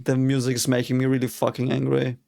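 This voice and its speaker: A young German man with a German accent speaks fast in a mellow, monotone, medium-pitched voice with vocal fry, over soft background music. Hosting a reaction video, he gives casual commentary on an anime episode, frustrated, swearing a lot and breaking into mock-cheering outbursts.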